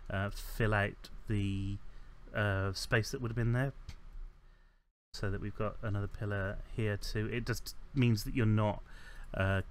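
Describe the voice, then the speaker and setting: A man giving casual commentary while playing a building game. He rambles and corrects himself, fills pauses with ums, and adds dry, self-mocking asides. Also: lowish voice, slight background noise. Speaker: let's play host.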